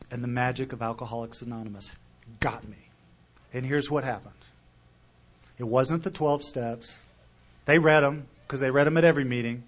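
A middle-aged man speaking to a meeting about his recovery, telling his story earnestly and emotionally, with loudness that rises and falls. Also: medium pitch. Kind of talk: recovery talk to a live audience.

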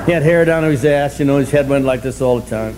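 An older man telling a humorous story at a recovery meeting, animated and self-mocking, swinging from loud bursts to low asides. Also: fast talker, heavy background noise. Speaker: speaker sharing his story at a recovery meeting.

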